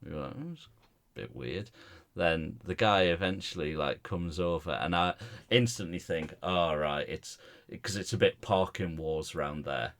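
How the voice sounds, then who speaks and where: Deep-voiced man, rambling. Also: normal speed, a bit bright. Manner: rambling storyteller, stammering restarts. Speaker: podcast co-host. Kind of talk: casual chat.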